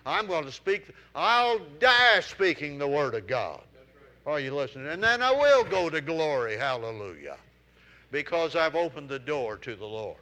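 A man's voice: a little high, very animated, moderate pace, pushed and bright. A male preacher delivering a sermon to a congregation, exhorting with emphatic repetition. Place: room with congregation.

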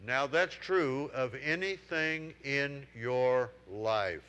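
Emphatic, bright-voiced male preacher. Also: mid-range voice, extremely slow, clean tone. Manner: emphatic, repetitive, exhorting. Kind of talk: sermon. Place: room with congregation.

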